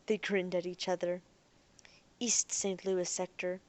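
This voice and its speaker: A woman narrating an audiobook in a soft, even storytelling voice that sinks almost to a whisper at times. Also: lowish voice, measured pace.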